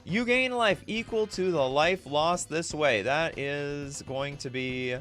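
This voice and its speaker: A man's voice: a little high, slow, a bit bright, soft background music. A man streaming live, reading viewer requests in casual, self-mocking chat, laughing often.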